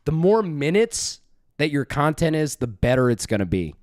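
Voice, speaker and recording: A man's voice: fairly high pitch, sing-song, moderate pace, a little mellow, no room sound, studio quality. A man doing profane, mocking reaction commentary, sarcastic and incredulous, swearing often.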